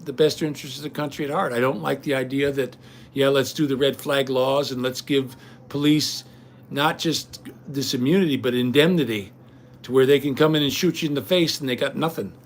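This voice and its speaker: A man's voice: mid-range voice, slight background noise. An older man hosting a livestream, ranting indignantly and rambling straight at his viewers. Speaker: livestream host. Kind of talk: casual rant to viewers.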